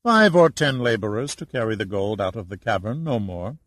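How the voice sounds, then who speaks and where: A man voicing a calm, smooth-talking government official in an audiobook. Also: fairly low pitch, fairly quick, no echo. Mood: evasive.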